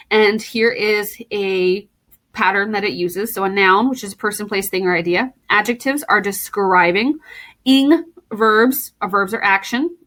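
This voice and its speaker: A woman teacher giving a recorded lesson to her students, playful and warm, reading poems aloud and explaining them. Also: fairly high pitch.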